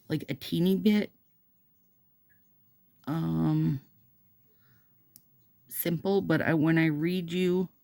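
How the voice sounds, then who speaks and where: A middle-aged woman with a Minnesota accent talks to her viewers in a low, gravelly voice. She is unhurried and mellow, and she drifts between reading a passage aloud and chatting with rambling, self-deprecating asides. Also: no room sound, studio quality. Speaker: nail product vlogger. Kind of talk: casual chat while doing her nails, reading astrology text aloud.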